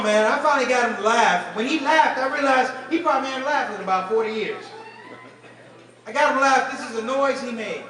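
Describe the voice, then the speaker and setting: A man doing stand-up comedy at a fundraising dinner, telling animated stories and talking straight to the crowd. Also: high voice. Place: banquet hall at a fundraising dinner. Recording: echoey hall, distant mic, crowd. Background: audience laughing and murmuring.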